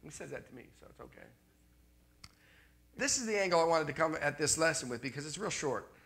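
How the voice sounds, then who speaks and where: Bright-voiced man preaching conversationally. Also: on the high side, animated, fairly quick, vocal fry. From Canada. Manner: conversational, repeats refrains, checks in with the crowd. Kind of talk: sermon.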